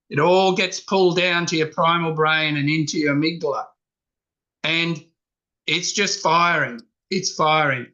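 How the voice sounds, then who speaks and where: A man's voice: fairly high pitch, sharp tone, dull audio. A man giving an earnest coaching talk to a men's group, repeating his key points. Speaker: speaker at a men's workshop. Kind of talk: talk with slides, then group discussion.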